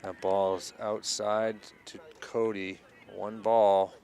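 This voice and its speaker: Low-voiced man calling local baseball. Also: little pitch movement, slow, a little mellow. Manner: easygoing, chatty between pitches. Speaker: play-by-play announcer.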